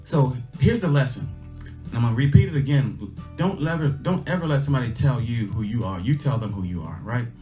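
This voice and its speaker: A middle-aged man talking casually on a livestream, folksy and emphatic as he repeats his lessons over and over. His voice sits at an ordinary middle pitch. Faint guitar music plays in the background. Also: animated, fairly quick, warm tone. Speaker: livestream host.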